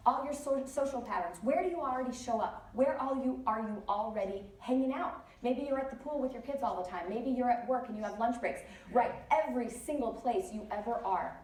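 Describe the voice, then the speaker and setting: A woman speaker giving a lively motivational talk at a conference, telling stories with many chatty asides. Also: a little high, fairly quick, few pauses. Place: large conference hall. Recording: echoey hall, distant mic, faint noise.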